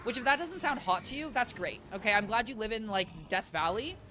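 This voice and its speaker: A woman's voice: a little high, expressive, brisk, background noise. A young woman streaming a game from her apartment, rambling playfully and talking straight to her chat. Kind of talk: casual gameplay chatter. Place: home apartment.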